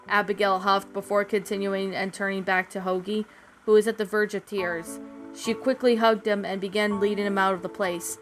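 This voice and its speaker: A woman reading a fan-written story aloud in a steady, even voice. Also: mid-range voice, brisk. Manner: steady, even narration with small slips. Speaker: fan fiction reader. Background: soft background music.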